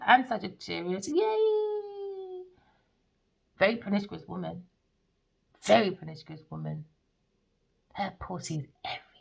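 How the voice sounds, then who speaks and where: A woman's voice: lowish voice, creaky. A woman giving a profane, scornful rant as a tarot reader. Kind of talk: ranting monologue. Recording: dull lo-fi recording.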